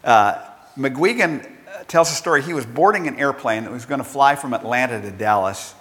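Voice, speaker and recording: A man's voice: medium pitch, animated, normal speed, fairly bright tone. A male pastor preaching a sermon, telling a story and acting out its characters. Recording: long hall reverb.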